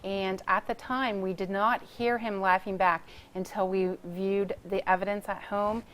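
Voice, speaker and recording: A woman paranormal investigator, a guest on a TV show, talking casually and haltingly with many pauses. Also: medium pitch, flat delivery, a bit bright. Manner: hesitant, with many ums. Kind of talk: casual TV interview.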